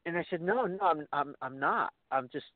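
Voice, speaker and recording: A man's voice: fairly high pitch, lively intonation, moderate pace, no echo. A man calling in to a radio talk show, telling a long story in a rambling way, with many restarts and stammers, and acting out the dialogue. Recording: tinny dry phone line.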